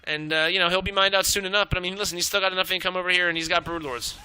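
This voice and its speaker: A man shoutcasting a live strategy game match, excitable and swearing freely as he calls the action. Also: high-pitched, clear, resonant tone, rough recording. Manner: excitable, swearing, rapid reactions. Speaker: esports shoutcaster. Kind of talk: live play-by-play game commentary.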